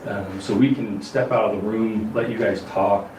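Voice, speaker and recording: A man calmly explaining on a reality show, measured and hesitant with frequent restarts. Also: lowish voice. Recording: roomy distant clip with noisy background.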